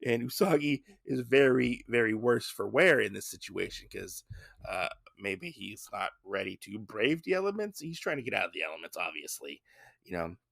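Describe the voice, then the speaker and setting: Male podcast host, low voice with gravel, dry close sound, loose rambling recap. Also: animated, moderate pace, fairly bright tone, no echo. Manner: rambling, with many fillers and asides. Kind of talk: casual comic book recap.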